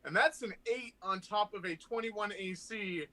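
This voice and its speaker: A tabletop player, a man with a bright, forceful voice and a slightly high pitch. He narrates his character's brutal attacks with animated glee. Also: moderate pace. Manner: animated, gleeful, describes attacks vividly. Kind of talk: playing a tabletop game online.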